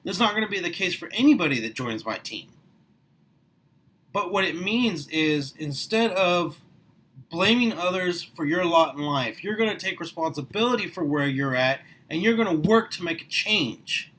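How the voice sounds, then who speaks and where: A middle-aged man giving a passionate motivational talk to the camera, his voice rising and getting louder as he gets worked up. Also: sits high, lively intonation, normal speed, rough recording. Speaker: small business owner recruiting for network marketing. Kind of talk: motivational vlog monologue.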